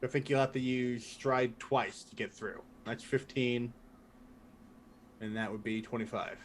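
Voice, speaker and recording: A man acting as game master, chatting casually and thinking aloud while fiddling with game software. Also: medium pitch, fairly even intonation, a little slow, slight background noise. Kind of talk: running a tabletop game online.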